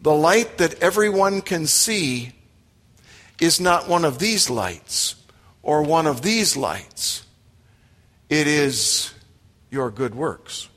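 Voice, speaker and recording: Male pastor, slightly high voice, slow measured delivery, long church reverb. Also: lively intonation, a bit bright. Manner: emphatic, with direct questions to the congregation. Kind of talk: sermon. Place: church sanctuary.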